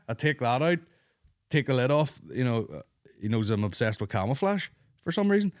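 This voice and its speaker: A man, hosting a podcast and telling a long comic story in casual, sweary, animated chat. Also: medium pitch, dry recording, studio quality. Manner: sweary, animated, quick asides. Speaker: podcast host.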